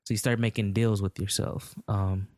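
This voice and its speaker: Smooth, dry-voiced man talking casually. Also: on the low side, flat delivery, moderate pace, darkish tone, no echo. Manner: conversational, many fillers, acts out hypothetical quotes. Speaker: podcast host. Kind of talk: casual explanatory monologue.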